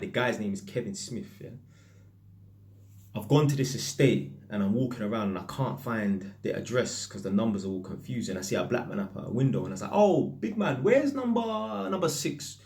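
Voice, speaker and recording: This British electrician's voice sits on the low side, and he talks fairly quickly, peppering his speech with London street slang. He tells stories to camera in a casual, lively, anecdotal manner.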